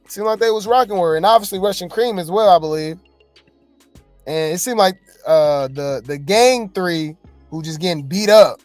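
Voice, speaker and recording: A woman hosts casual reality-TV gossip commentary, chatty and skeptical as she talks straight to her viewers. Her pitch swings widely from line to line. The sound is dry and close, with nothing of the room in it. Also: a little mellow, no echo.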